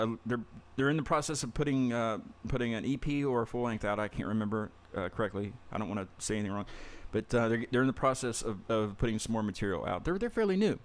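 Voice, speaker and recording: A man hosting a casual podcast interview, rambling, stumbling over his words and laughing often. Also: medium pitch. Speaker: podcast host.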